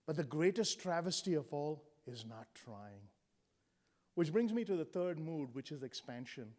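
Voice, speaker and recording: Motivational speaker, man, 60s, from India; high voice, punchy comic timing, rhetorical questions. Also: dark tone. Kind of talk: humorous motivational speech.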